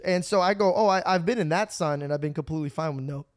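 A man's voice: fairly high pitch, fast talker. A young man hosting a podcast, telling a rambling story with restarts and laughs, tired from no sleep. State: running on no sleep. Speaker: podcast host. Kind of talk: casual storytelling chat.

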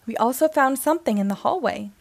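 A woman's voice: sits high, animated, fast, vocal fry, no echo, exaggerated voice. Storybook space ranger toy, male, earnest and direct, read by a woman.

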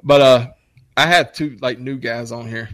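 A man's voice: moderate pace, no room sound. A man telling crude, rambling stories in casual profane chat. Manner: crude, rambling, animated impressions with shrill mocking voices.

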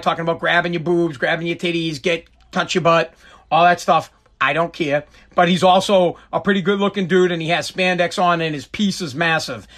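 A man with a notably high voice rants casually to his podcast listeners. He rambles, swears freely and circles back to the same points again and again, recording from his home basement. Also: a bit bright. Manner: rambling, profane, repetitive. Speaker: podcast host. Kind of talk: casual solo rant.

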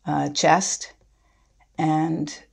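A middle-aged woman speaking thoughtfully as an interview guest, halting and restarting as she reflects. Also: low-pitched, level tone, vocal fry, a little mellow, husky.

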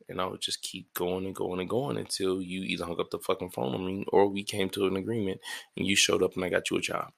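A deep, gravelly male voice with a fairly bright tone talks fast in a flat delivery. He's a stand-up comedian hosting his own podcast alone in his apartment early in the morning, sleepy and yawning. In this casual solo monologue he rambles, swears freely and runs himself down.

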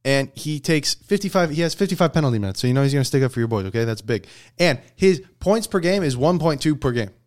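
A man's voice: on the high side, lively intonation, fast talker, few pauses. A man hosting a casual sports podcast, debating hockey picks and reading out stats with frequent "okay?" check-ins. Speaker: podcast host.

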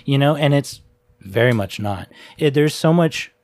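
A man's voice: medium pitch, lively intonation, a little slow, darkish tone. A man chatting casually about a film on a podcast, laid-back and jokey, with casual swearing. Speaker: podcast co-host.

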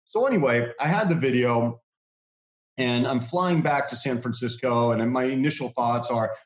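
Animated man telling a story. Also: medium pitch, normal speed, echoey room. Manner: animated storyteller, laughs often, puts on voices of others. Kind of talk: casual anecdote.

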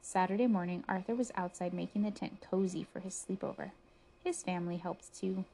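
A woman reads a picture book aloud to a child, stopping now and then to ask gentle questions. Her voice is mellow and soft at a middle pitch. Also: fairly quick, a little hiss or hum. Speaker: parent reading to a child.

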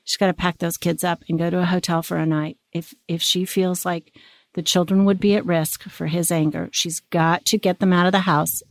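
A woman hosting and coaching, animated and stammering as she plays a wife in a role-play and gives advice. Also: fairly low pitch, brisk, no echo, studio quality. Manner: stammering, animated, often restarting her words. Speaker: host and relationship coach.

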